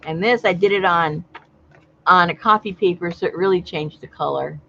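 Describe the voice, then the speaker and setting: A woman's voice: on the low side, normal speed, gravelly, dull audio, slight background noise. A woman hosting a casual crafting chat, talkative and teasing, laughing often. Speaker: crafting channel host.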